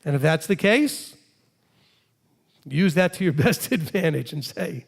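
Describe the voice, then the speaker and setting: Animated high-voiced rabbi with gravelly edge. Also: male voice, a little slow, long pauses. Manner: animated preacher acting out conversations. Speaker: rabbi teaching a congregation. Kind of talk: sermon-style teaching with acted dialogue.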